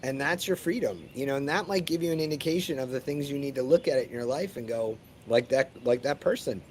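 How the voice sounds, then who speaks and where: A man's voice: mid-range voice, brisk, a little mellow. Reflective man with faint background hiss. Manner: reflective, coaching, often asks "you know what I mean". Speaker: host. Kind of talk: casual chat.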